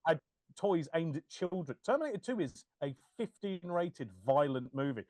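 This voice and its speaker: A man hosting a casual podcast chat, telling stories in an animated, jokey way. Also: a little high, moderate pace, dry recording. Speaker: podcast host.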